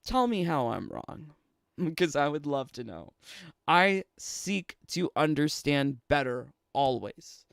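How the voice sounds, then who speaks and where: A man's voice: on the high side, very animated, slow, vocal fry, a bit bright, clean tone, no echo, studio quality. A man with a Canadian accent, streaming and ranting casually, sarcastic and laughing often between phrases. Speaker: streamer and commentator. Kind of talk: casual livestream rant.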